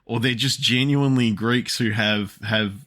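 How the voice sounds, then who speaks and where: A man's voice: mid-range voice, steady tone, moderate pace, fairly bright tone. A man hosting a casual podcast chat, rambling with many restarts and frequent laughs. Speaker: podcast host.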